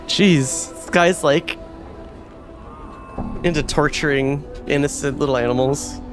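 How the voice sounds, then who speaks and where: A man's voice: on the high side, unhurried, over music. A man hosting a let's play, reacting playfully as he reads through a game. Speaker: host.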